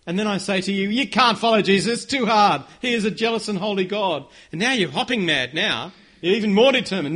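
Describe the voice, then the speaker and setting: A man delivers a sermon in a high, bright voice. He speaks with earnest conviction and leads his listeners in a call-and-response. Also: brisk, hardly any pauses. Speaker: pastor.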